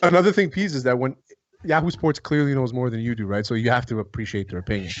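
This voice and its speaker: A man's voice: medium pitch, fast talker. A man hosting a live fantasy draft on a group call, joking around with crude banter. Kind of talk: casual group chat. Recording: dull lo-fi call audio.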